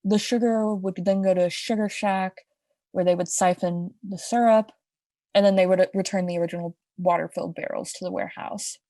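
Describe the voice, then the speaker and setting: The speaker is a young woman co-hosting a podcast, her medium-pitched voice steady, brisk, and dark in tone. She tells a crime story chattily and casually, with asides and restarts, in a dry, studio-quality recording.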